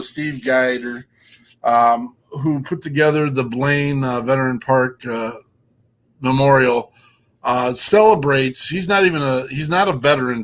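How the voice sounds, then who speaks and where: A man's voice: mid-range voice, a bit bright. A man hosting a casual show, enthusiastic and rambling, with many ums and uhs. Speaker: podcast host.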